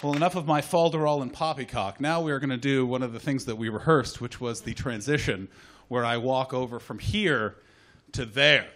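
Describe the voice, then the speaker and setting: A Canadian man hosting a live comedy chat show, joking loudly, then dropping into muttered asides. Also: medium pitch, moderate pace, slight background noise. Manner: loud, jokey, swings between shouting hype and muttered asides. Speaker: host. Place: live comedy venue with audience.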